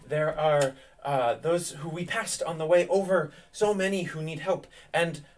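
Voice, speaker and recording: A man's voice: fairly high pitch, unhurried, distant mic, a little hiss or hum, voice pushed up, lightly acted. A man voicing a stubborn, protective young noblewoman who pleads earnestly to stay and help her village in a tabletop game. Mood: earnest pleading.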